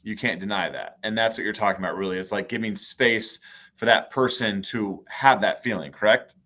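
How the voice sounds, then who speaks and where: A man's voice: lowish voice, moderate pace, bright, forceful tone. A man hosting a video call conversation, asking questions in a casual way with some hesitant restarts. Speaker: host.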